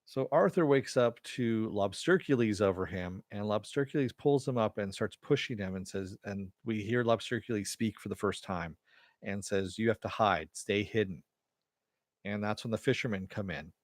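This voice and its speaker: Man reviewing a TV episode: low voice, dry close sound, loose filler-heavy retelling. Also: normal speed, no echo. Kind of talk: casual episode recap.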